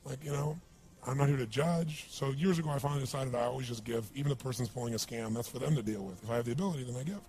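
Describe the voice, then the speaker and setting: A man's voice: mid-range voice, racing, darkish tone. A man giving a motivational seminar talk, telling a story with energy and asking the crowd questions. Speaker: motivational speaker.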